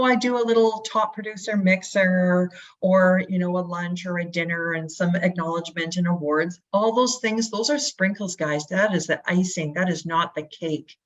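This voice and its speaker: Animated woman guest, dull lo-fi audio. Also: on the low side. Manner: energetic, acts out quotes, rhetorical questions. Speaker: real estate brokerage guest. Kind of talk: animated interview talk.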